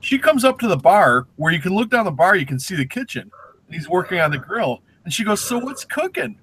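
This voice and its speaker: A man co-hosting a live online show, telling a story in relaxed, animated chat and mimicking the people in it. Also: high-pitched, brisk, slight background noise, poor audio. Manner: animated anecdote-teller who mimics people. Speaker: co-host.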